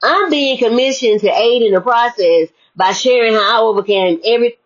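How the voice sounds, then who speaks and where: Casual and heavy on rhetorical questions, this woman delivers a preachy, motivational spiritual talk. Her voice is a little high and moves at a normal speed, and the recording is dull and lo-fi.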